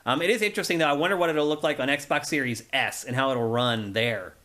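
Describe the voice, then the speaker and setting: A man's voice: mid-range voice, fast talker, pushed and bright. A man co-hosting a gaming podcast, chatting casually and enthusiastically, often laughing. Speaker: podcast co-host.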